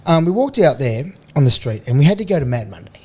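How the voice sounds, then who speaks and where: A man's voice: medium pitch, big pitch swings, quick pace, mellow, husky. Laughing Australian man telling yarns. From Queensland, Australia. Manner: rambling, laughs through anecdotes, blokey slang. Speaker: podcast guest, former rugby league player. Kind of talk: casual storytelling. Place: radio studio.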